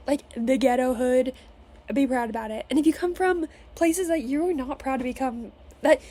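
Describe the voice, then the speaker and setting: A woman in her twenties from Las Vegas gives a casual motivational rant to the camera from her childhood bedroom, swearing constantly and filling her talk with "like". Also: a little high. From Las Vegas, Nevada. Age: 20s. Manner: profane, energetic, filler-heavy with "like". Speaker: vlogger.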